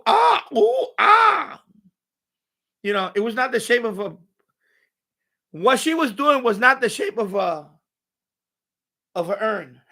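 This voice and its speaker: A man's voice: high-pitched, bright, forceful tone. A man hosting a home live stream from his radio room, rambling and ranting with profanity and mocking asides.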